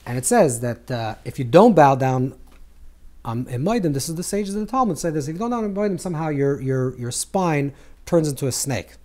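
Animated rabbi, higher-pitched man. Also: a little fast. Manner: animated, repeats words while searching for phrasing; acts out scripture dialogue with swings in pitch and volume. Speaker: rabbi teaching Kabbalah. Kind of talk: lecture to a live group.

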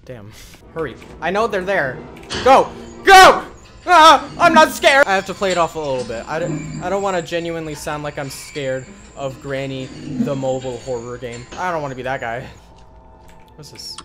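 Over game music, a man hosting a gaming channel gives jokey let's-play commentary at a medium pitch and a slightly fast pace. He talks to the game and bursts into loud yells.

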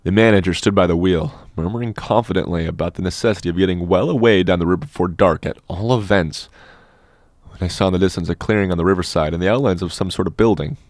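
A man narrating a classic novel as an audiobook in a measured, steady storytelling manner, close on a studio mic. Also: low voice, dry recording. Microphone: dynamic studio microphone.

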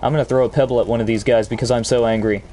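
A man's voice: medium pitch, steady tone, rapid-fire, mellow, slight background noise. Crude joking man playing a game. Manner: crude joking, mock-outraged rants. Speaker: gaming channel host. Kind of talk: gameplay commentary.

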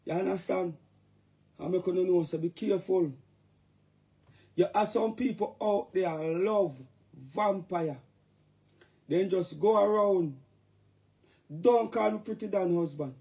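A man with a Jamaican accent, rambling casually to his fans on a live stream and breaking into shouted catchphrases. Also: sits high, measured pace, gravelly, pauses often. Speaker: dancehall artist talking to fans.

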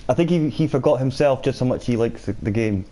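A man of middle pitch with a warm, mellow tone talks casually through a live game stream. He chats easily with his viewers, answering their comments as he plays. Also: brisk. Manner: chatty, reads and answers viewer chat while playing. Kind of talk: casual live-stream chat over gameplay.

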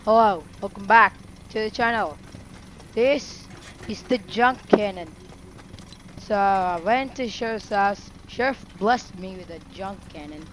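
A woman hosting her gaming channel, giving gameplay commentary with excitable bursts of shouted taunts. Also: medium pitch, measured pace, slight background noise. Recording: loud game music over the voice. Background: loud game music and explosions.

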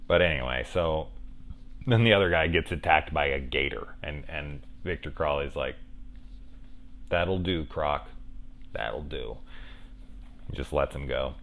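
A middle-aged man with a notably low voice talks through a horror movie in a loose, casual way. He rambles off on tangents and swears freely. It sounds like an off-the-cuff video review. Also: normal speed, fairly bright tone. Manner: rambling, profane, chatty asides. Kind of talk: casual spoken film review.

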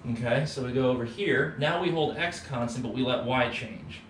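A man's voice: mid-range voice, normal speed. Brief: a laid-back male lecturer talking through math at home, heard from across an echoey room. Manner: relaxed, tags points with "right?". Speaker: economics teacher. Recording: roomy, distant mic, faint background hum.

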